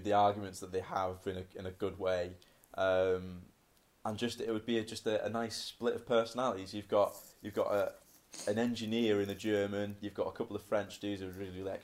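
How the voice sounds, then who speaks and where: A young man, chatting casually and laughing as a podcast co-host. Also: lowish voice. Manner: laughing, bantering, slangy. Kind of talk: casual chat.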